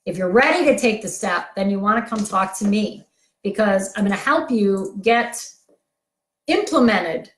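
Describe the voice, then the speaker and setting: A woman coach giving a blunt, energetic motivational talk to camera. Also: medium pitch, a little slow, roomy sound. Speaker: coach for sensitive people.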